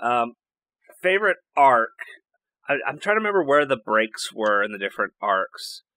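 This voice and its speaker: Bright-voiced man, casual chat. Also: mid-range voice, big pitch swings, no room sound. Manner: halting, restarts while recalling. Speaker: tabletop game player.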